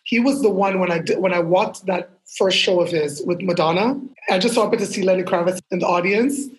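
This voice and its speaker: A woman's voice: on the low side, a little fast, a little hiss or hum, low-quality recording. Woman model telling stories vividly. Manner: lively storyteller who acts out quotes. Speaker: guest, fashion model. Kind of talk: casual storytelling interview.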